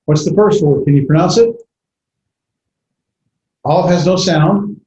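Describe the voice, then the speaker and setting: A man lecturing a class on grammar, pausing often with fillers and correcting himself. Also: fairly high pitch, warm tone. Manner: halting, many fillers and self-corrections. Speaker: Bible language teacher. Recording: echoey classroom, dull lo-fi audio.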